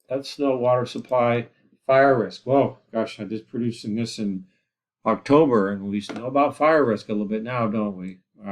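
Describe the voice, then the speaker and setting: A man's voice: fairly low pitch, gravelly. A man teaching a geography class in a recorded lecture, rambling with lots of fillers and asides. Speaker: geography instructor.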